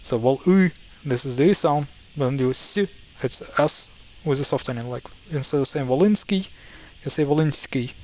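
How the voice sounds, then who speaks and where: Over a low-quality recording, a man who teaches language walks through word pronunciations in a relaxed way, his accent Ukrainian and his voice mid-range. He frequently stops to fix what he said, thinking out loud as he goes.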